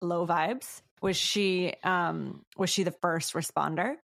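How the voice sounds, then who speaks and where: A woman's voice: fairly low pitch, steady tone, takes it slowly, creaky, fairly bright tone. A woman co-hosting a podcast in casual chat, teasing her friend and laughing often. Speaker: podcast co-host.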